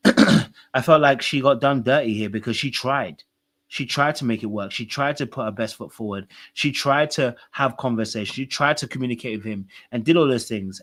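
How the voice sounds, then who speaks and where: A man co-hosting a chatty podcast, reflective and unhurried, stacking up opinions one "I think" at a time. He pauses often on small fillers as he weighs what to say. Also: mid-range voice, fairly bright tone. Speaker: podcast co-host. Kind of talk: casual commentary on a reality show.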